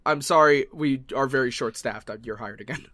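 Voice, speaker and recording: A man voicing a gruff male head chef who speaks slowly, putting on a New York accent. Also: mid-range voice, pushed and bright, no echo, studio quality, pitched below the performer's own voice, lightly acted. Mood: bossy. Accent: put-on New York accent.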